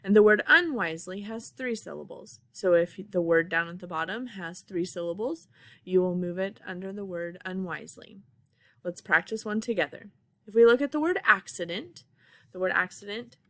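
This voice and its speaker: A woman teacher reading out lesson instructions to students, slow, clear and deliberate. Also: medium pitch, fairly bright tone. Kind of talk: recorded classroom lesson instructions.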